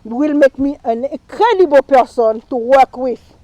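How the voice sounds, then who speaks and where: Passionate woman with a non-native accent, slow and high. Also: animated, dark tone, no echo, poor audio. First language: not English. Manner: impassioned, repetitive, speaks non-native English with slips. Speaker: town council candidate. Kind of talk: campaign speech. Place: live stream rally.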